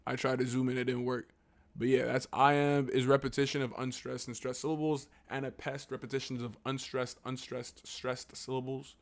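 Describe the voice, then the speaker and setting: Slangy man reading and riffing live. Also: mid-range voice. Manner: slangy and profane, with frequent asides and restarts; reads text aloud haltingly, then riffs on it. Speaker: livestreamer. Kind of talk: casual livestream, reading aloud and commenting.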